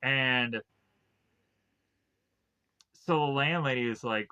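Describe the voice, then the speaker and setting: Rambling man with a bright voice. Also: mid-range voice, a little slow, smooth, highs cut off. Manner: rambling, filler-heavy with constant "like" and "uh". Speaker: film reviewer. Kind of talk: casual spoken plot recap.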